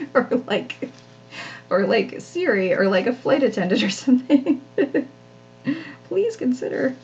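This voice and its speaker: A woman's voice: mid-range voice, animated, unhurried, pauses often. A woman hosts a live craft stream, rambling casually and poking fun at herself as she works. Her voice sits in an ordinary middle range. The sound is a little dull and lo-fi, like a home live-stream. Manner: chatty, self-deprecating, frequent laughs. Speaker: craft channel host.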